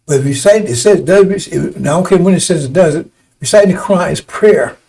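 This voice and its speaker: A man's voice: a little high, brisk, vocal fry, mellow, husky, rough recording. A man preaching in a combative, rambling way, often breaking off to ask "see?". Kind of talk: fiery preaching broadcast.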